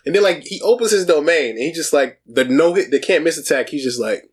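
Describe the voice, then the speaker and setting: A young man co-hosting a casual anime podcast, excitedly quoting characters in put-on voices. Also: fairly high pitch, fast, slightly rough. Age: young adult. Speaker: podcast co-host.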